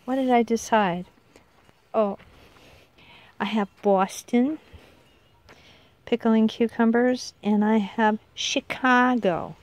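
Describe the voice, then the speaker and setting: A woman's voice: on the high side, slow, long pauses, dry recording. Chatty middle-aged woman touring her garden. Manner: rambling, chatty, self-correcting. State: unwell, with hiccups. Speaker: vlogger showing her garden. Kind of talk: casual garden tour. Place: outdoor backyard garden.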